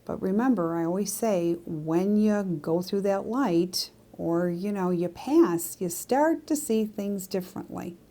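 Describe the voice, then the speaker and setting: A psychic medium of Greek descent tells her viewers a personal story to camera in a chatty, confiding way, full of asides. Her medium-pitched voice is expressive and dark-toned, unhurried yet with hardly any pauses.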